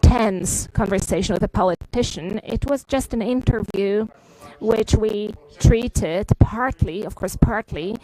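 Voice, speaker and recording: Halting woman interpreting a press statement. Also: medium pitch, mellow, poor audio. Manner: halting, frequent "uh" fillers and restarts. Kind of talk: live interpretation of a press briefing.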